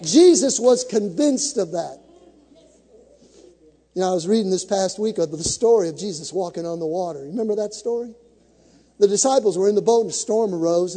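A man's voice: high-pitched, dark tone, slightly rough, big-room sound. A male pastor preaching a sermon to a congregation, with dramatic build-ups, acting out the scripture stories he tells.

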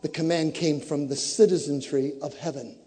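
A man with a high voice preaches a sermon, his words ringing through a long hall reverb. He builds to fervent shouts and drops into joking asides to the congregation. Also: steady tone, normal speed, breathy edge.

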